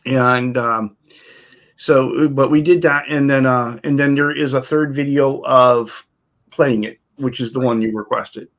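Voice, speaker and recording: A man's voice: medium pitch, steady tone, unhurried, a bit bright. A man who is a guest on a casual livestream chat, often repeating words as he starts his sentences.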